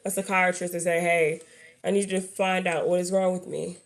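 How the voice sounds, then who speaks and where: A young woman vlogger talks candidly in a casual, rambling way. Her voice sits low and has a gravelly fry. She laughs often as she talks. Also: little pitch movement, fairly quick. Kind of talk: casual chat.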